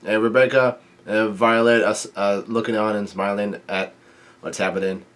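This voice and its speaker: A man casually reading through and recapping a manga chapter, halting with frequent ums and restarts. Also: on the low side, fairly even intonation, fairly bright tone.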